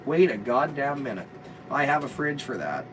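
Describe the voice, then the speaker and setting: A man's voice: mid-range voice, expressive, moderate pace. A man hosting a rowdy vlog from a motorhome, crude and joking with lots of swearing. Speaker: vlog host. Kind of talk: rowdy casual chat. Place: inside a motorhome. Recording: distant mic, noisy motorhome.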